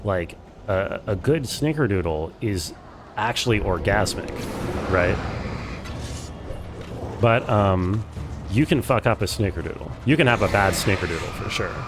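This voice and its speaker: A man's voice: fairly low pitch, expressive, measured pace, long pauses, music in the background. A young man streaming a game, joking and profane in casual gameplay commentary.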